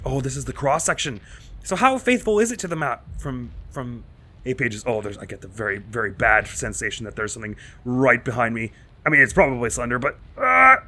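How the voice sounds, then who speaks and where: Male let's-play host, bright tone, rambling nervous horror commentary, panicky mumbles under stress. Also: mid-range voice, creaky. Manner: rambling and self-mocking, jittery with nervous asides. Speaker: gaming channel host.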